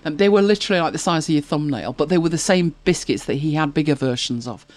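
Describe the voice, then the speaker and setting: A woman's voice: deep voice, fast, a little mellow. A woman hosting a casual chat show, telling anecdotes and reading viewer comments with frequent laughs. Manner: chatty, anecdotal, laughs often. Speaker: podcast host.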